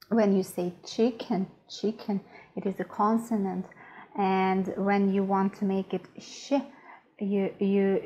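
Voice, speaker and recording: A woman's voice: mid-range voice, a little mellow, muffled recording. A woman with a Russian accent teaching a language lesson, patiently repeating each word. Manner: patient, repeats words slowly.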